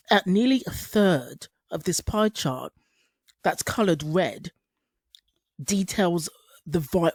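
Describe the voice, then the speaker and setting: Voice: medium pitch, darkish tone, no room sound. A video essay narrator reading scripted voice-over steadily, stumbling now and then on words.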